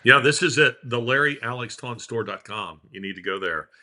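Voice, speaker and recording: A man's voice: medium pitch, fairly quick. A middle-aged man with a Southern American accent, co-hosting a podcast and talking proudly about his daughter in a loose, rambling way. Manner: warm proud father, rambling with fillers. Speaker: podcast co-host. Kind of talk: casual chat on a video call.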